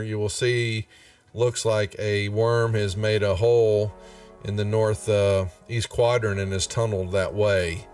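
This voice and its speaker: A man running a tabletop game, folksy and drawling, chuckling often. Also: fairly low pitch. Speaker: game master. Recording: a bit far from the mic, faint music behind.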